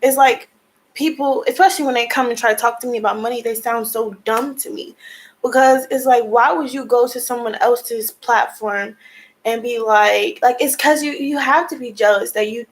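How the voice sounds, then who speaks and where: Woman, young adult, high-pitched, tearful, frustrated, venting to camera. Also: fairly even intonation, normal speed, poor audio. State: crying at times. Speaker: vlogger. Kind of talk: emotional personal vlog talk.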